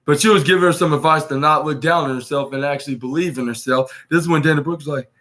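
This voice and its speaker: A man with a voice a little on the high side talks through a recap as a podcast host. He rambles casually, stumbles over names and keeps restarting his sentences before landing on the point. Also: fast talker, a bit bright. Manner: rambling, with frequent restarts and self-corrections. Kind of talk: casual recap of a wrestling show.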